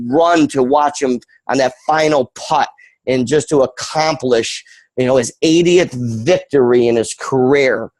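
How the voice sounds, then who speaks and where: Rambling, energetic man on a video call. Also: medium pitch, dry recording, rough recording. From Western New York. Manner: energetic, rambling, lots of fillers. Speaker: guest presenter. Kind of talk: sales presentation on a video call.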